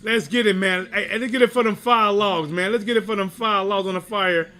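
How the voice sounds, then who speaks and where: A man with a high voice talks a little fast as he casually comments on a fight for his live stream viewers. He gets excited easily, using plenty of fillers and restarting his sentences.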